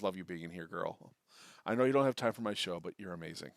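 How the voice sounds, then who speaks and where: A man's voice: sits low, quick pace, creaky, no room sound. A man streaming a retro adventure game live, reading its text aloud and chatting to viewers. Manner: animated, swings between reading and reacting. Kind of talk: live game playthrough with narration read aloud.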